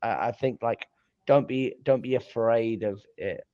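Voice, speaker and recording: A man's voice: mid-range voice, a little slow, dry recording, lo-fi sound. Blunt chatty British man on a call. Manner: blunt and chatty, lots of likes and restarts. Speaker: sales guest. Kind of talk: casual panel chat.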